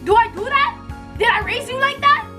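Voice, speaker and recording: A young woman voicing an angry mother who scolds her child with rapid, rising rhetorical questions. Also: sits high, very animated, music in the background. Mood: furious scolding.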